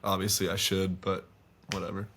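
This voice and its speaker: Brief: twenties guy guesting on a studio podcast, low voice, loose profane storytelling. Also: level tone, moderate pace, fairly bright tone, breathy edge. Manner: rambling, swear-heavy storytelling. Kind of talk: casual podcast interview.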